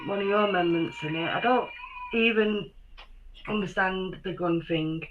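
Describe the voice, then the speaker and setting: A British woman chatting casually as a guest on a livestream, making jokey asides and quick apologies. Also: mid-range voice, dull audio, background noise. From United Kingdom. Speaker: guest co-host. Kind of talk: casual chat. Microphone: remote video call.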